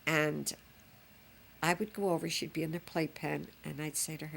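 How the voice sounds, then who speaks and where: A woman's voice: low voice, flat delivery, normal speed, vocal fry, slight background noise. An older woman, a grandmother reminiscing fondly in a chatty, rambling way. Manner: chatty, fond, rambling with fillers. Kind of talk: reminiscing home recording.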